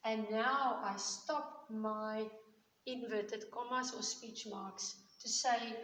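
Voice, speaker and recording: Slow, patient woman teacher in echoey room. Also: on the high side. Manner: patient, explains step by step with frequent checks. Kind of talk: recorded classroom grammar lesson. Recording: echoey room with long reverb and faint hiss.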